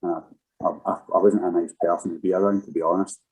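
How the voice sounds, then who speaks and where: A man's voice: deep voice, level tone, fast, a little mellow, slightly rough, low-quality recording. A man in his thirties, a podcast guest and former footballer, telling his story candidly and frankly, swearing freely.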